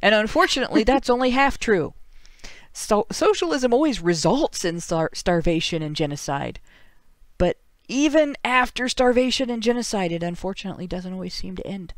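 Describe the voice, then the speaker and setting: A man's voice: high voice, lively intonation, moderate pace, dry recording, clean studio sound. A man with a Northern Ohio accent hosting a livestream talk show, reading out viewer donations with sardonic, chuckling asides. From Ohio, USA.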